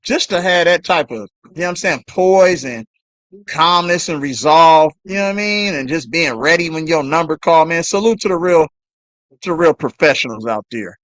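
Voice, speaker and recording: A man calling a basketball game live as a fan on a stream, swearing and yelling at the players between play-by-play. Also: fairly high pitch, normal speed, no echo. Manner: excited, profane trash talk at players. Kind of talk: fan play-by-play watch-along.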